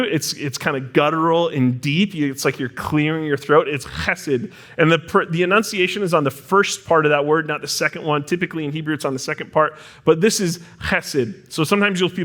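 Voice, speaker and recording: A man's voice: fairly high pitch, a bit bright. A young man preaching a sermon in a casual, joking, teacher-like way. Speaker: pastor.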